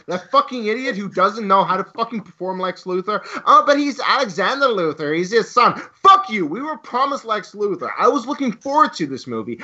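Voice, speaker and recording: A man co-hosting a podcast, ranting heatedly with a lot of swearing. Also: high-pitched. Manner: heated, profane, animated ranting. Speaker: podcast co-host. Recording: lo-fi dull sound.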